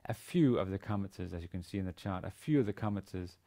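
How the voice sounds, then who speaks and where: A man lecturing on a language lesson, speaking haltingly with many fillers and restarts. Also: deep voice, lively intonation, dark tone. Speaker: university lecturer.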